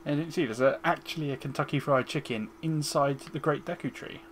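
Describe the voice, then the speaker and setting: A man's voice: fairly high pitch, fairly quick, slight background noise. A man chatting casually while streaming a game, cracking jokes and poking fun at his own play. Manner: joking, self-deprecating.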